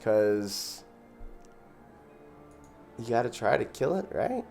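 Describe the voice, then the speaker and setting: A man's voice: mid-range voice, sing-song, slow pace, gravelly, darkish tone, faint music behind. A man giving casual gameplay commentary as host, thinking aloud and counting out his mana as he plays. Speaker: gaming channel host.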